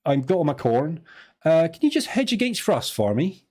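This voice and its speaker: A man's voice: fairly high pitch, big pitch swings, normal speed, darkish tone, voice pushed up. A man voicing a cheerful rustic farmer with a broad West Country accent. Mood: bemused.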